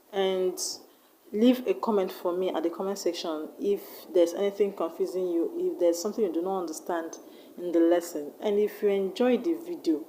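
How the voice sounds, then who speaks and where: A woman teaching an online English lesson, repeating key points slowly and deliberately. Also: fairly low pitch, warm tone, a little hiss or hum, poor audio.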